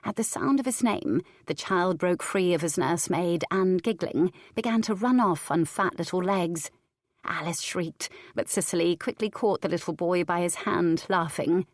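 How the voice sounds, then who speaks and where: A woman with a fairly low voice narrates a historical romance audiobook in a measured, even manner. She is recorded close and dry in a booth. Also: no echo. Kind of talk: scripted narration.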